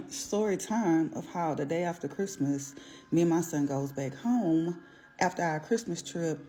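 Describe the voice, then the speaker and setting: A woman's voice: on the low side, warm tone. A mother telling a casual storytime, blunt and profane, rambling as she vents about her complaints.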